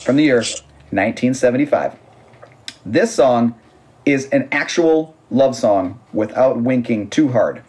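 A man's voice: mid-range voice, lively intonation, measured pace, darkish tone, a little hiss or hum. A man co-hosting a podcast, chatting casually about music in a rambling way, often restarting sentences and laughing. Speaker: podcast co-host.

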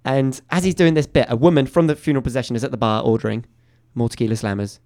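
A man in a radio studio spinning a comic anecdote with lively energy. His pitch sits in a middle range, and he tumbles from one point to the next, quick and animated. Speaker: comedian guest. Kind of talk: storytelling on a radio chat show.

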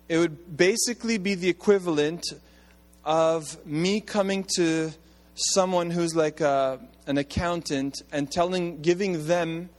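Conversational male pastor preaching in a hall. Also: fairly high pitch. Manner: conversational, animated preaching with asides to the congregation. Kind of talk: sermon.

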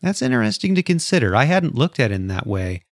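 A man co-hosting a casual book discussion, retelling scenes in an animated way and acting out the characters' lines. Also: on the high side, fast, vocal fry, no room sound, clean studio sound. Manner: animated storyteller, acts out quotes. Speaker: podcast co-host.

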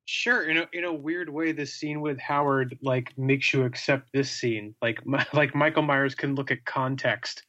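A man's voice: medium pitch, fairly even intonation, normal speed, few pauses, pushed and bright. A man joining a podcast chat about a film, thinking aloud with amusement. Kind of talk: casual film discussion. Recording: dull lo-fi audio.

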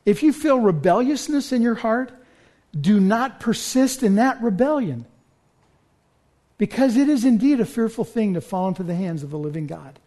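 Man, pastor, earnest sermon, high-pitched voice, urgent appeals. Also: animated, moderate pace, warm tone.

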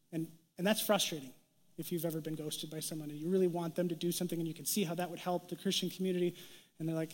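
Speaking fast and in an even tone, a young adult pastor with a fairly high voice preaches casually and lightly. Brief snippets of quoted dialogue get distinct voices, while his sermon echoes with long reverb across a big hall.

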